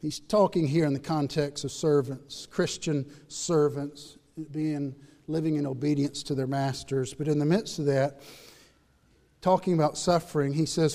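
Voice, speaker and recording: A man preaching a sermon in a church, rising to loud emphatic peaks and dropping to hushed asides. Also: mid-range voice, unhurried, in a large hall. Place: church building during a worship service.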